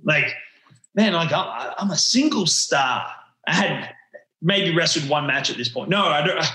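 A slangy Australian man in his thirties tells rambling stories as an interview guest, restarting his sentences often. His voice is bright and sits a little high for a man. The room around him rings with echo. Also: animated, unhurried. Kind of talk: casual interview chat.

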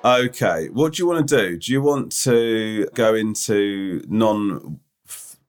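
A man co-hosts a casual podcast. His speaking voice sits somewhat low. He reads listener emails aloud and tells self-mocking stories, often restarting his sentences. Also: slow pace, faint music behind. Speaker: podcast co-host. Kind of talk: casual chat.

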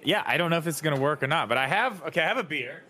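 A man's voice: a little high, animated, rapid-fire, sharp tone. A man co-hosting a casual podcast, talking in a playful, joking way. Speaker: podcast co-host.

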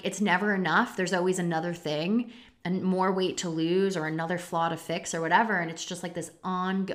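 A woman in her thirties speaks on her own podcast in a fairly low voice. She is earnest and confessional, and now and then drops a casual swear word. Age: 30s. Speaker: podcast host. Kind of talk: reflective solo podcast talk.

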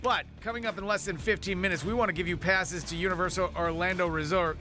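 A man's voice: high voice, fast talker, over music. A man co-hosting a morning radio show, teasing his co-host and joking with callers in a radio studio. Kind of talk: lively morning radio banter.

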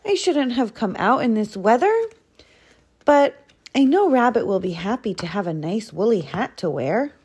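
A woman's voice: on the high side, lively intonation, normal speed, darkish tone, slightly rough. A woman voicing a small, timid male hedgehog who frets in a storybook reading. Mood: worried. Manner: fretful.

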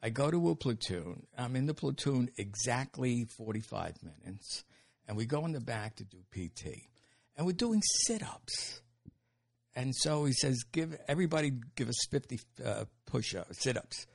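An older man telling stories as an interview guest, animated and laughing, with casual swearing. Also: medium pitch, moderate pace, vocal fry, breathy edge. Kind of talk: storytelling in an interview.

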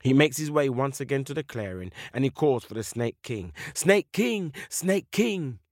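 Expressive male storyteller, lively voice. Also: mid-range voice, dry recording, clean studio sound. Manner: expressive, slow dramatic repetitions. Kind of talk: children's story narration.

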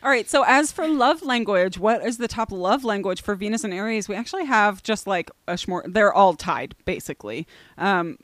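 A woman's voice: mid-range voice, animated, moderate pace, a bit bright, no room sound. Woman podcast co-host, casual and giggly, loose filler-heavy chat, dead-dry close recording. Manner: chatty, laughs often, lots of fillers.

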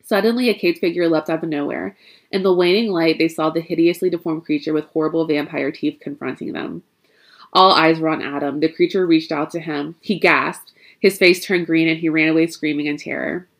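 A woman reading a spooky story aloud, expressive and chatty, adding her own asides along the way. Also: low voice, fairly quick.

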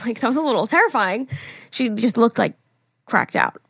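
A woman's voice: on the high side, brisk, vocal fry, fairly bright tone, dry recording. A young woman co-hosting a podcast, telling stories chattily, laughing and swearing often. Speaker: podcast co-host. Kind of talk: casual chat.

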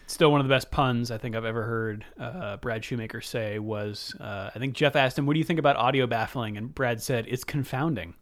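A man's voice: medium pitch, brisk, few pauses. A man hosting a motorsport podcast, chatting casually with dry puns and mock-announcer segment reads. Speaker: podcast host. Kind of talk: casual chat.

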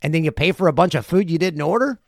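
A man in his forties, a podcast host telling a story casually, animated and profane. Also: on the high side, fast, creaky, no echo, studio quality. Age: 40s.

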